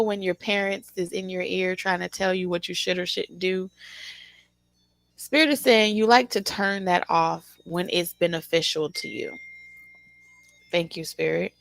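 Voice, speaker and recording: A woman giving a casual, animated tarot reading, teasing the listener and laughing often. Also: fairly low pitch, gravelly, dry recording. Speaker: tarot reader.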